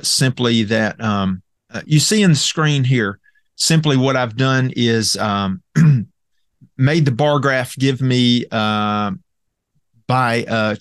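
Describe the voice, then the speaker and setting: A man gives a Bible lecture in a gravelly, fry-edged voice at a middling pitch, speaking close to the mic in a dry room. He pauses often, fills gaps with "uh" and restarts, working methodically through charts and Greek terms. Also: no echo. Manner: halting, many fillers and restarts. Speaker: Bible teacher. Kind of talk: recorded Bible lecture with slides.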